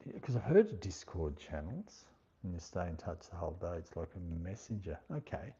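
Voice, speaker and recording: A low, mellow-voiced Australian man hosts a relaxed livestream and chats easily with his viewers. He reads their comments aloud, thanks them by name and laughs often. His voice comes through a husky, dull lo-fi stream. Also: fairly quick. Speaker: livestream host. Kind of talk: casual chat, reading viewer comments aloud.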